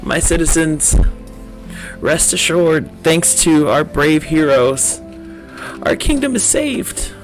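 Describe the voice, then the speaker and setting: A man's voice: on the high side, very animated, slow, soft background music, voice pushed up. A man voicing a grateful male elemental guardian spirit who gushes over the heroes and gives grand, solemn speeches.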